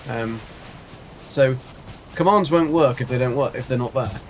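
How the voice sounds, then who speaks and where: A man's voice: medium pitch, normal speed. A man chatting casually while livestreaming a game, rambling and answering his chat as he plays. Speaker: game streamer. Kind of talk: casual live gameplay chat.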